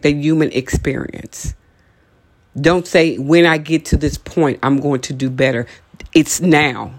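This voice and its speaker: Man giving emphatic motivational talk. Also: on the high side. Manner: emphatic, repetitive exhortations; joking asides. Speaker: podcast host.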